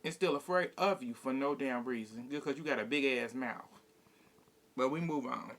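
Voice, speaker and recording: A man's voice: medium pitch, moderate pace, fairly bright tone. A man casually recapping a reality TV episode, retelling scenes in a blunt, profane, gossipy way and quoting the cast as he goes.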